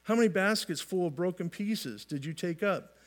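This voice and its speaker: Man with a high-set voice preaching a casual, folksy sermon with light humor. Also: animated, normal speed. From California. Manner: folksy, repeats and restarts phrases, light humor. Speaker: pastor.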